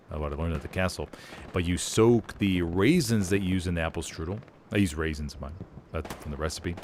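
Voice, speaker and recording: A man casting a live game, chatting casually in rambling, relaxed asides. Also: deep voice, slight background noise. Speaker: game caster. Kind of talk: casual chat during live game commentary.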